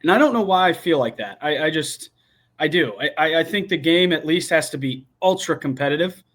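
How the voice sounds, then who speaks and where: A man's voice: fairly high pitch, animated, a little fast, fairly bright tone. A young man talking college football in a casual, rambling way, restarting his sentences as he builds his opinions. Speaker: guest football commentator. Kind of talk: casual sports talk.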